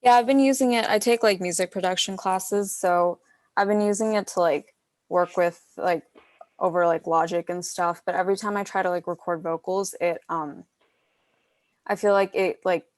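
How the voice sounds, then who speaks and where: A woman's voice: lowish voice, steady tone, moderate pace, no room sound. A young woman in an online workshop asking a question over a video call, hesitant and full of filler words. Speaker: workshop participant.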